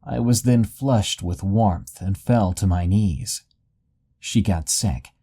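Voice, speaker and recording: Male horror storyteller, dark mellow tone, steady dramatic delivery. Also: fairly low pitch, breathy edge. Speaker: narrator. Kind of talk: scripted horror story narration.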